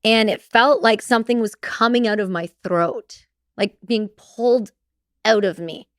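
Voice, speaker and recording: A woman guest on a podcast, telling a personal story in an animated way with laughter and casual swearing. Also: on the high side, measured pace, dry recording, studio quality.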